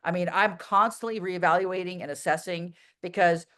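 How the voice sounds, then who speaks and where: A woman guest in a casual interview, talking bluntly and telling animated stories with plenty of fillers. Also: lowish voice, moderate pace.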